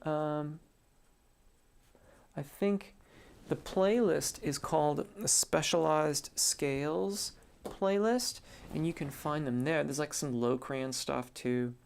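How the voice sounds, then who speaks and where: A man, a singing teacher, answers viewers' questions in a relaxed live stream, thinking aloud with many fillers. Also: fairly high pitch, slow, vocal fry, slight background noise. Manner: reads viewer comments aloud and answers them. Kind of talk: casual live-stream chat.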